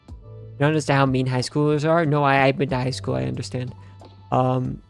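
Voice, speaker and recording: A young man with a gravelly, fry-edged voice, ranting and joking in loose slang. He sounds tired and half asleep, with faint music playing underneath. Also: medium pitch, little pitch movement, fairly quick. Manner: rambling, sarcastic, slangy, full of fillers. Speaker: streamer reacting to a game story. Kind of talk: casual rambling commentary.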